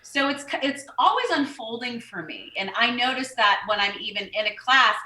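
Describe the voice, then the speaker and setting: A woman yoga teacher talks openly and bluntly in a casual podcast chat, cursing without a second thought. Her voice is bright and sits a little high. The room around her rings with a noticeable echo. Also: very animated, moderate pace. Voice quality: candid and blunt, swears casually.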